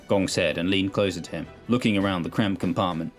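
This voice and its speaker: A man with a low voice narrates a sci-fi story in measured, steady sentences. Quiet music plays beneath his reading. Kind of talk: scripted narration of an audio story.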